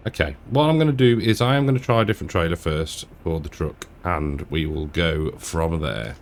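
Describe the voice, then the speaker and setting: A man from England giving casual, rambling commentary while playing a farming game, chatty and self-deprecating. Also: sits low. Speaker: gaming channel host. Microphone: desk mic with headphones.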